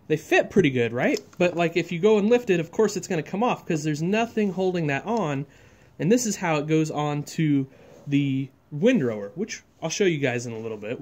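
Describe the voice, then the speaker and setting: Chatty guy geeking out over a toy, voice bouncing up and down a lot. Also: fairly high pitch. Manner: chatty, enthusiastic, rambling with self-corrections. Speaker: scale model reviewer, channel host. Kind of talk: casual hands-on toy review.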